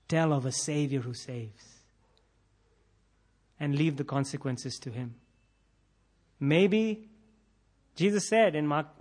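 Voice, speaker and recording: A man preaching a sermon, building to intense emphasis and repeating key phrases, sometimes acting out imagined prayers. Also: a little high. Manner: acts out imagined prayers in quoted voices. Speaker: pastor.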